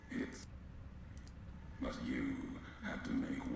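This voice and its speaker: An actor playing a grim, brooding male wanderer in a video game, speaking in slow, halting, cryptic phrases. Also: rumbling low, steady tone, creaky, a little hiss or hum, heavily acted. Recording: heavy echo on game audio.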